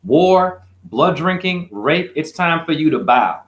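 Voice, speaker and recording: A man's voice: fairly high pitch, lively intonation, slow, roomy sound, voice pushed up. A man voicing a stern, righteous goddess who scolds her wayward sister in a commanding way. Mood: scolding.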